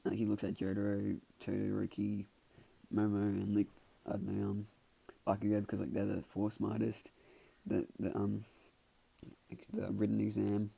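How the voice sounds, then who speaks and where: A man's voice: fairly low pitch, monotone, normal speed, vocal fry, long pauses, mellow, husky. A man casually retelling a fan story in a rambling way, filling it with "like" and restarts.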